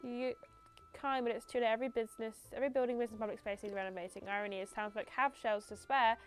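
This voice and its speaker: A woman's voice: on the high side, fairly even intonation, quick pace, faint music behind, lightly acted. Despairing game town official, worn down, read by a streamer woman. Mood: gloomy.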